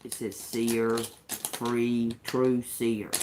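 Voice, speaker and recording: A man reading tarot cards for his viewers, taking his time and turning each word over slowly. He repeats phrases as he goes and calls his listeners y'all. A faint hiss of noise sits under his voice. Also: medium pitch, flat delivery, warm tone, poor audio. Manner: slow, musing, repeats words as he reads cards. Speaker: tarot reader.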